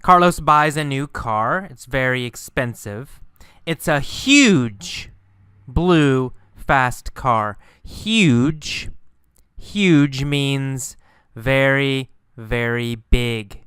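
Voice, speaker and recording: Slow, emphatic male teacher. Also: medium pitch, pushed and bright, clear, resonant tone, no room sound, studio quality. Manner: slow, emphatic, repeats key words. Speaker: English teacher. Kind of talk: slow English lesson narration.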